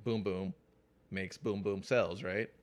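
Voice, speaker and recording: A man's voice: low-pitched, fairly even intonation, slow pace. A man co-hosting a casual comics podcast, joking and swearing, often slipping into silly quoted voices. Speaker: podcast co-host.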